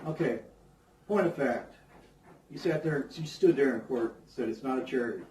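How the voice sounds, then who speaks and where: A man in the role of a judge speaks firmly and tells the person before him what to do. His voice is mellow and a little high. He sounds far from the mic in an echoey room with faint noise behind him. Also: moderate pace. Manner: firm, admonishing. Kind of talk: courtroom exchange.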